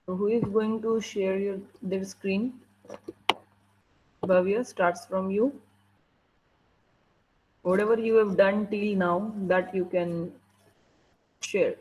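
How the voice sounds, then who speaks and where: A woman's voice: medium pitch, fairly even intonation, takes it slowly, pauses often, warm tone, slight background noise, rough recording. Strict Indian-English woman teaching online. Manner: strict, impatient, prodding students to answer. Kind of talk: online class. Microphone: video call.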